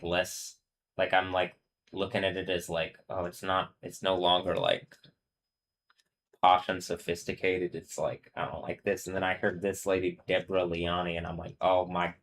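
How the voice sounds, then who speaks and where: Brief: lower-voiced man, live stream host, rambly and loose, filler-heavy chatter into a desk mic. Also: steady tone, normal speed, fairly bright tone. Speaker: livestream host. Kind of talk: casual live stream chat.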